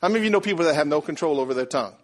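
A pastor with a higher voice races through his sermon, telling a story and questioning the congregation in a lively, chatty way.

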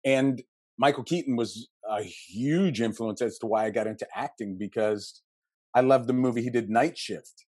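A man from Western Pennsylvania in his fifties with a Pittsburgh accent, a podcast guest telling animated, jokey stories. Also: medium pitch, slightly rough, no echo, studio quality. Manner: animated storyteller, jokey, quick asides. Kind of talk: casual podcast interview.

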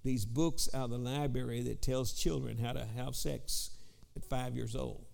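A man with a Southern US accent leading an informal Pentecostal Bible study, halting and repeating himself, dropping in frequent amens and slowing down to read scripture. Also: medium pitch, steady tone, gravelly, a little mellow.

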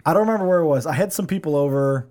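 A man in his thirties chatting casually, animated, swearing freely and laughing through his stories. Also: a little high, very fast. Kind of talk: casual chat.

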